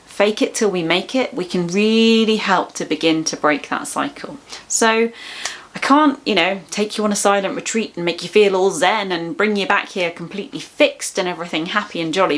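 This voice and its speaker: A woman giving an educational webinar, explaining in an expressive, reassuring way. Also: on the low side. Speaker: webinar presenter on child anxiety.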